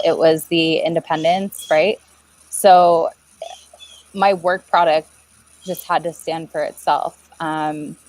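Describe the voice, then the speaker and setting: A woman hosting a webinar over a video call, affirming answers and reading out audience questions in a measured way. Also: lowish voice, low-quality recording. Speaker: webinar host. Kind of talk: moderating a webinar.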